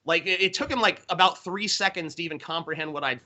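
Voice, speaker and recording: A man tells a story on a podcast over a remote call, swearing freely and fighting back laughter. His voice sits somewhat high and sounds very bright and forceful. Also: fast. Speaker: podcast co-host. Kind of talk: casual storytelling. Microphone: remote call that drops out.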